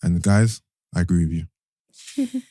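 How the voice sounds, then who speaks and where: A man's voice: deep voice, measured pace, no echo, studio quality. A man hosting a podcast, telling a story and teasing his co-hosts in casual banter. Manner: teasing, storytelling with lively put-on quotes. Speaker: podcast host.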